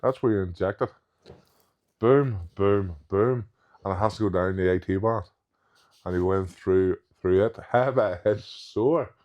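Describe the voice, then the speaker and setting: Low-voiced strongman. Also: a little slow, dull audio. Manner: frank and matter-of-fact, laughs easily. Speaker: professional strongman guest. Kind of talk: casual chat.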